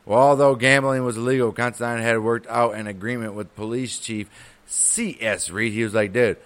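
A man's voice: medium pitch, fairly even intonation, normal speed, a bit bright, smooth. A man co-hosting a history podcast, rambling and swearing as he acts out imagined scenes. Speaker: podcast co-host. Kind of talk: casual history podcast banter.

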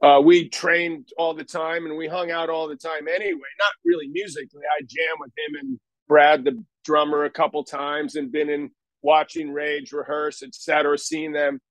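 A man's voice: a little high, moderate pace, creaky, hardly any pauses, a bit bright, dry recording, rough recording. An older man telling stories in a casual interview, rambling and self-deprecating with many restarts. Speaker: guest.

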